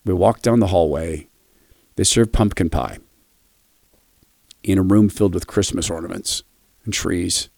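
A man with a low, somewhat gravelly voice speaks as the host of a radio devotional. He tells a personal story in a quiet, reflective way and then closes with a blessing. His voice sounds dry and close, with no room echo. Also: unhurried, long pauses.

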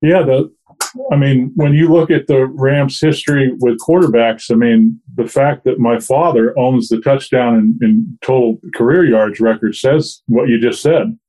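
Male interviewer, mid-pitched mellow voice, hesitant delivery. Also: poor audio. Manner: halting, many fillers and restarts. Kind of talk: interview questions.

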